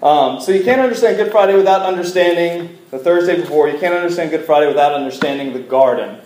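A man's voice: a little high, fast, a little mellow, echoey room, rough recording. A man preaching a casual, joking sermon to a congregation in a church, asking them to repeat words back to him. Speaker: pastor. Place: church service room.

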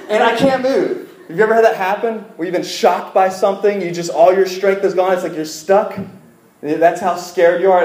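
A man's voice: on the high side, a little mellow, reverberant, rough recording. A man preaching a casual, joking sermon to a congregation in a church, asking them to repeat words back to him. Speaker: pastor. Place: church service room.

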